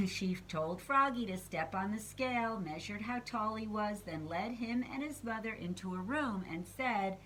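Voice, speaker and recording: Brief: bright-voiced woman storyteller, unhurried, lively delivery for small kids. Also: medium pitch, slight background noise, poor audio. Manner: expressive, playful, chats to young listeners. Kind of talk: storybook read-aloud.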